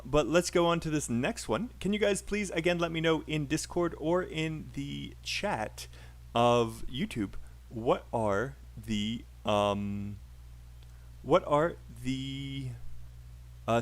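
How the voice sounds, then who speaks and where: A man's voice: medium pitch, animated, slow pace. A man with a British accent teaching a live online English pronunciation class, upbeat and encouraging with frequent fillers.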